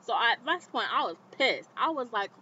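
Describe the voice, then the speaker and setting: A woman vlogger recapping a TV episode in casual commentary, animated and indignant, talking straight to the viewer. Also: on the high side, normal speed, a little hiss or hum. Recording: slightly dull lo-fi recording.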